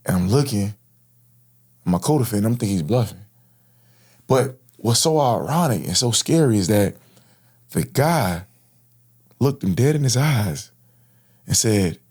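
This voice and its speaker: A man's voice: lowish voice, expressive, moderate pace, long pauses, darkish tone, slightly rough. Slangy man telling his life story. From Florida. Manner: casual, slangy, earnest, frequent "bro". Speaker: guest. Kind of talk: personal storytelling in interview.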